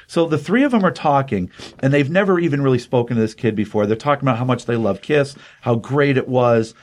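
A man in his fifties hosting a show, casually recapping a comic with lots of fillers and animated storytelling. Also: mid-range voice, a little fast. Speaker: podcast host.

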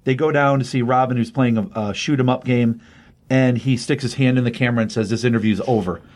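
A man's voice: mid-range voice, steady tone, a little fast, darkish tone. A man hosting a casual talk show, recapping a comic book in a rambling way and correcting himself as he goes. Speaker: comic book podcast host. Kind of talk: casual spoken review.

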